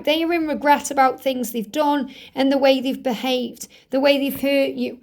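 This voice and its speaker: Woman tarot reader, high-pitched, reassuring, repeats phrases for emphasis. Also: fairly even intonation, normal speed, gravelly. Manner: earnest, reassuring, speaks straight to the viewer. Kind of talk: tarot reading to camera.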